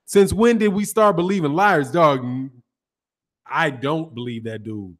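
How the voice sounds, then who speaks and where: A man's voice: on the high side, unhurried. A man from the North Side of Chicago with a Chicago accent, hosting a boxing channel live stream, talking loosely in slang and greeting chat viewers by name.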